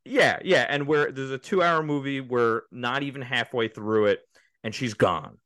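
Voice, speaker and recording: A man's voice: mid-range voice, moderate pace, a bit bright, no room sound. A man co-hosting a casual movie podcast, rambling through the plot with many restarts and fillers. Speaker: podcast co-host.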